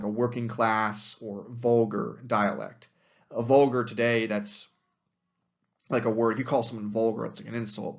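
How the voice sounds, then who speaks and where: The audio is muffled as a young man of medium pitch gives a recorded history lecture. He talks loosely and chattily, sprinkling in many fillers.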